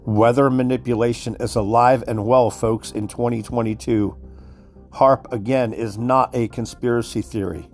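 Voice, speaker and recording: A man's voice: mid-range voice, fairly even intonation, measured pace, a little mellow, faint music behind. A man giving a heated, profane monologue, worked up and repeating himself as he speaks to his listeners. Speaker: commentator. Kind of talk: profane conspiracy rant.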